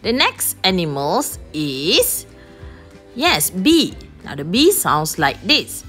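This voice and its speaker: A woman with a Malaysian accent gives a primary lesson at a slow, careful pace. Her voice sits fairly low but rises and falls in a lively way. Faint music plays behind her. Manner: slow, patient, repeats each instruction in two languages. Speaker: primary school teacher. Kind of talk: online lesson for young children, English with Malay translation.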